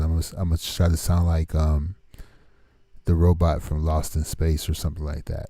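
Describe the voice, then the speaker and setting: A man's voice: sits low, level tone, moderate pace, warm tone, no room sound. A man chatting casually on his stream in a rambling way, laughing often, talking into his own microphone at a home setup. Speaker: livestreamer making music.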